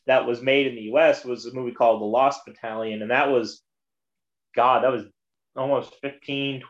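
A man's voice: mid-range voice, muffled recording. A man in a casual movie chat, rambling as he retells scenes and slips into quoted voices.

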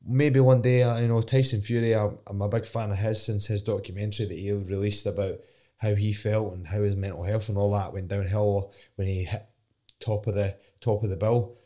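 Young Scottish fighter, lowish voice, frank and meandering in a sit-down interview. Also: male voice, fairly even intonation, brisk, mellow. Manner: candid, rambling, swears casually. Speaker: professional fighter. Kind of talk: casual interview chat.

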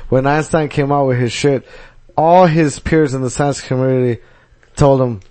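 A man's voice: medium pitch, steady tone, normal speed, dark tone. Blunt, swearing podcast guy. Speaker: podcast co-host. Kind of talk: casual chat.

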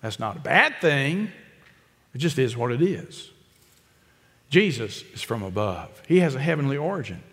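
A man preaching an expository sermon, emphatic and repetitive, with quick asides to the congregation. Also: medium pitch, sing-song, a bit bright, big-room sound. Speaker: pastor.

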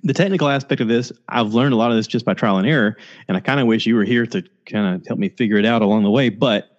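On a video call, a man hosting a podcast rambles quickly and animatedly, doing quotes in a high-pitched voice. Recorded on a laptop or USB mic with headphones, the audio is lo-fi.

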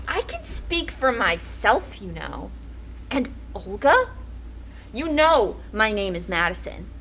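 A woman's voice: mid-range voice, big pitch swings, slow, a bit bright, slight background noise, full character voice, poor audio. An actress playing a sullen, disdainful band singer who snaps back at her partner in a comedy radio sketch. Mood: defiant. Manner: scornful, exasperated.

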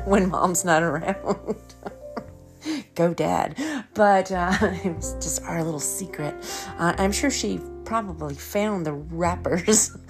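A middle-aged woman, hosting a podcast and telling rambling stories with frequent laughs. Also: medium pitch. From American South. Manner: chatty, rambling, laughs often. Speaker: podcast host. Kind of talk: casual storytelling monologue.

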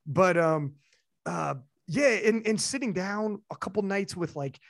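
A young man hosting a casual chat, telling stories in an animated, slangy way. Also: high voice, unhurried, gravelly, dry recording, clean studio sound. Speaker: podcast host and event commentator.

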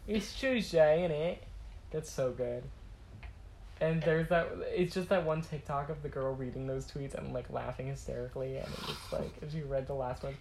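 Young woman with a very low voice. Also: steady tone, moderate pace, vocal fry, darkish tone, slight background noise, low-quality recording. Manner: easygoing, reacts with short quips and disbelief. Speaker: podcast co-host. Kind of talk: casual chat.

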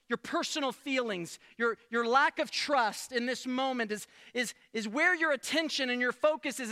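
High, bright-voiced man preaching in a reverberant sanctuary. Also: clean tone. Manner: animated, rhetorical questions, frequent restarts. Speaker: pastor. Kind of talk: sermon. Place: church sanctuary.

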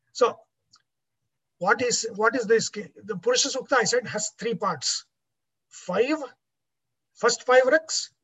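A woman's voice: a little high, fairly bright tone, breathy edge, poor audio. A woman teaching a class on Vedic chanting, explaining patiently with many fillers.

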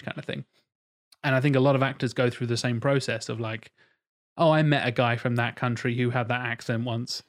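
Man, podcast co-host, casual chat, mid-pitched voice, animated, slips into mock voices. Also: a little fast. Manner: animated, acts out voices in quotes.

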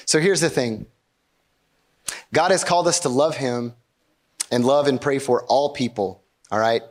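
A man's voice: mid-range voice, measured pace. A pastor preaching a sermon in a conversational way, asking rhetorical questions and often checking in with his congregation.

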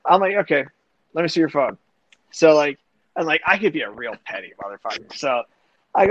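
In casual storytelling chat, a young man hosting a podcast rambles through a long personal story, swearing and saying "like" and other fillers constantly. His voice is fairly high, a bit bright, very animated and fairly quick, recorded dry with dull, lo-fi quality.

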